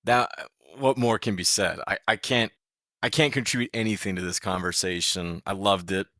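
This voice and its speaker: A man's voice: fairly low pitch, fairly even intonation, moderate pace, bright, forceful tone, no echo, clean studio sound. A man co-hosting a casual wrestling podcast, joking and playful. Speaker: podcast co-host. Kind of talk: casual chat recapping wrestling.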